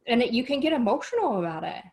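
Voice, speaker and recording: A woman's voice: on the high side, very animated, fast talker, darkish tone. A woman hosting a podcast in casual chat, earnest and rambling, easily moved. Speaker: podcast host.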